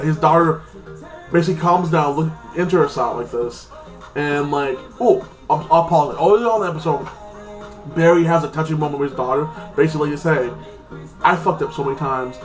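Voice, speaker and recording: A man casually recapping a TV episode in a rambling way, full of fillers, acting out the characters' lines in quick voices. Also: a little high, soft background music. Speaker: TV episode reviewer.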